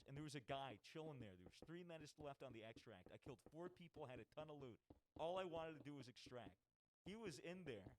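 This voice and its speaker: A man in casual podcast chat, telling a game story with excited energy and lots of swearing. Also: medium pitch, slight background noise, poor audio.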